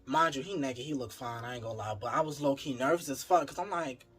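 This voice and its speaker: A man's voice: mid-range voice, fast, few pauses, slightly rough, faint music behind. A man telling a wild personal story in a casual, profane style, talking straight to his viewers. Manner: animated, profane, talks to viewers as y'all.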